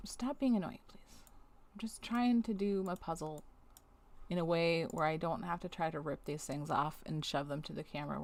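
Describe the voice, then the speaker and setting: This woman streamer has a gravelly voice on the low side. While doing a task she chats casually and talks to herself, telling off things on her screen and then apologizing. The sound comes from a webcam setup.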